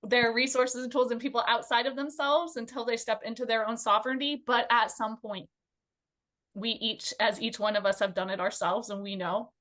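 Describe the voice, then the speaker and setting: A woman co-hosting a conversational panel, talking in an animated, chatty way with fillers and light giggles. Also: fairly high pitch, moderate pace.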